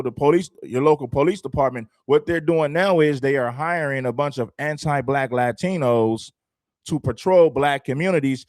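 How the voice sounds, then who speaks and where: A man's voice: a little high, no echo, clean studio sound. A man hosting a livestream, talking emphatically and repeating his points like a preacher. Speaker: livestream host. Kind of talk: commentary livestream.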